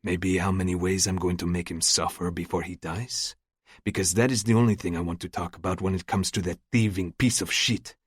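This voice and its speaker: Guy putting on an older brazilian crime boss, thick accent, low and menacing, dry sound. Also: fairly even intonation, brisk, husky, no room sound. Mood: seething. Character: older male crime boss, cold and powerful. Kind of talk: audiobook narration.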